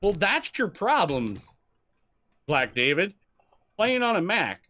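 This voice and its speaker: A man's voice: high voice, slow, slight background noise. A young man chatting casually on a live stream, swearing freely and telling stories with lots of laughing. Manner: swears freely, animated storytelling, laughs often.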